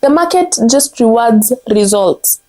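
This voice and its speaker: A woman's voice: a little high, lively intonation, unhurried, darkish tone. A young woman from Kenya with a Kenyan accent, giving an earnest motivational vlog talk and often restarting her sentences. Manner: earnest, self-correcting restarts, frequent "like". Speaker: content strategist.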